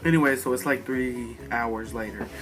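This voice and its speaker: A man rambles through a storytime monologue in a bright, forceful voice, swearing constantly as he retells what happened. His pitch sits at an ordinary middle height, and faint music plays behind him. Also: normal speed. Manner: profane, rambling, animated retelling. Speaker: storyteller vlogger.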